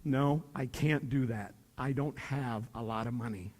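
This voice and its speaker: A middle-aged man, a teacher, giving a folksy, animated motivational talk to students, acting out bits of dialogue. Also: medium pitch, a little slow. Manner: folksy, animated, acts out dialogue with shifting voices. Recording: reverberant hall.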